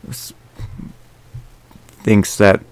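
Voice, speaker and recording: A man's voice: drawn-out words, no room sound. A young man hosting a casual podcast, rambling with lots of fillers and restarts. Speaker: podcast host.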